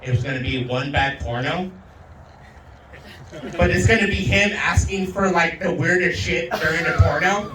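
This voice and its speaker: Rowdy high-voiced male stand-up comic. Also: moderate pace, a crowd in the background. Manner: crude, rowdy, slips into Spanish and loud put-on voices. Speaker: stand-up comedian. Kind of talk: stand-up comedy set. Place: outdoor backyard show. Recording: roomy sound from a distant mic.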